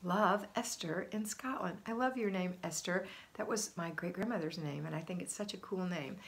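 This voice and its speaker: A woman's voice: lowish voice, moderate pace, gravelly. A middle-aged woman hosting a homemaking livestream, chatting upbeat and greeting viewers by name as she reads their comments aloud. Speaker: homemaking channel host. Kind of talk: casual livestream chat reading viewer comments.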